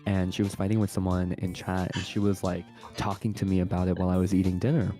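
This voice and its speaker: A man's voice: sits low, level tone, quick pace, warm tone. A man as a guest in a casual chat, telling stories animatedly, laughing and swearing often. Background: background music.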